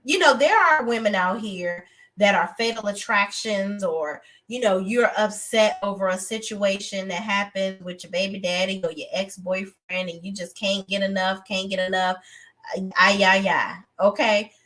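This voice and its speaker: A young woman hosting a live TV review stream, talking in a blunt, animated, outspoken way with features. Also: medium pitch, normal speed. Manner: animated, outspoken, breaks into acted voices of characters. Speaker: TV review show host.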